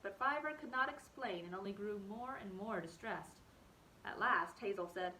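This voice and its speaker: A woman teacher reading a novel aloud to her class in an expressive storytelling manner. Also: medium pitch, moderate pace, slight background noise, poor audio.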